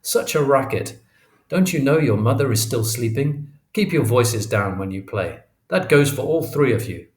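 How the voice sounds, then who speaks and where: A man's voice: medium pitch, expressive, normal speed, natural voice. A man reading an audiobook aloud, voicing a stern middle-aged father who scolds his children in a commanding tone. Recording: roomy echo.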